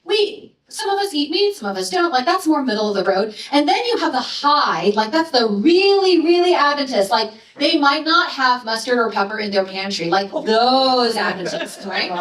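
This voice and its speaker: A woman presenting her research to an audience in a lecture, chatty and playful, with quick asides. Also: high voice, expressive, a bit bright. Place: lecture hall. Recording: echoey hall from a distance.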